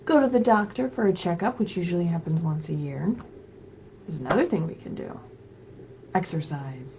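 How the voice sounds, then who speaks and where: Woman librarian for kids' story time, bright sing-song delivery, muffled lo-fi stream audio with faint hiss. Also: mid-range voice. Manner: animated, sing-song, prompts young listeners. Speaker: children's librarian. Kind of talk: story time reading to children.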